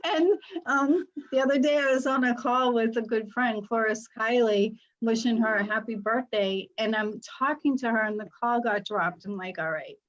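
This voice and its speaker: A woman's voice: a little high, steady tone, moderate pace, hardly any pauses, highs cut off. Chatty upbeat woman hosting a live panel. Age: middle-aged. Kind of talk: casual panel talk.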